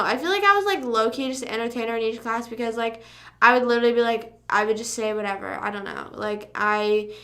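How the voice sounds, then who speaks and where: A young woman chats loosely on her livestream, piling filler words into long, wandering stories and swearing casually. Her voice sits a little high and sounds bright and forward. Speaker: livestream host.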